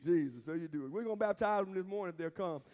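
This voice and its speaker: A pastor with a high, darkish voice preaches a sermon very fast, using emphatic call-and-response and repeated phrases. It's recorded in a church sanctuary with the long reverb of the hall.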